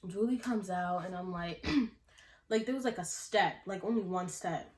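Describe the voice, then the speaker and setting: A young adult woman vlogger telling a casual storytime in an animated, slangy way, often breaking into laughs. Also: on the low side. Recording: roomy echo.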